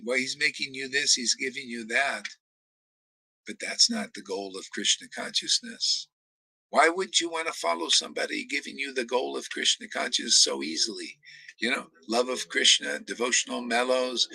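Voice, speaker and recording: A man's voice: medium pitch, vocal fry, pushed and bright, breathy edge, no echo, rough recording. Man, ranting sermon, blunt, swears, laughs between jabs, dry close sound. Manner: blunt, combative, swears for emphasis. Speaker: spiritual teacher.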